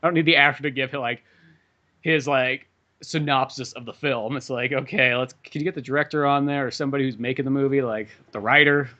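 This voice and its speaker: A man's voice: mid-range voice, steady tone, brisk, pushed and bright, lo-fi sound. A man hosting a podcast in casual chat, rambling, swearing freely and acting out quotes in little voices. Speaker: podcast host.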